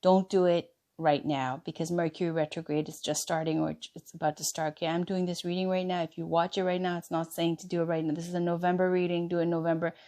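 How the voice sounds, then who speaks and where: A woman giving a chatty tarot reading, going hoarse as she loses her voice. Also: on the low side, little pitch movement, fast talker, hardly any pauses, dark tone. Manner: chatty, reassuring, drifts between reading aloud and asides. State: losing her voice. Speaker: tarot reader.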